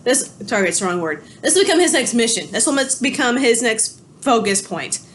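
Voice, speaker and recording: A woman's voice: a little high, very animated, a little fast, a little hiss or hum. A woman giving a history lecture from her home, telling the story in a loose, conversational way and correcting herself as she goes. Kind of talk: recorded online lecture. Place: home with pets.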